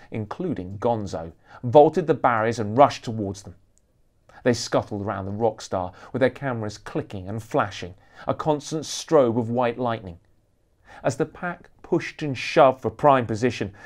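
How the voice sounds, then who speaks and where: A man reading aloud from his own thriller novel, lively and expressive in his narration. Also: medium pitch, moderate pace. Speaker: author reading his book.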